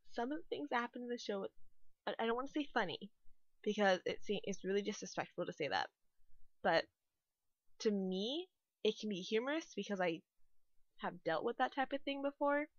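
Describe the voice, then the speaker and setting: A young Canadian woman, a YouTuber and restaurant worker, chats casually over a speed build in a mid-range voice, rambling with lots of "like" and "you know". The recording has no room sound and its highs are cut off.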